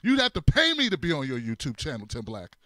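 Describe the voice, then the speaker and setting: Dude doing a scoffing woman brushing off an offer, quick and clipped. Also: high voice, very animated, a bit bright, no room sound. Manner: brisk and scoffing. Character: dismissive young woman turning down an offer.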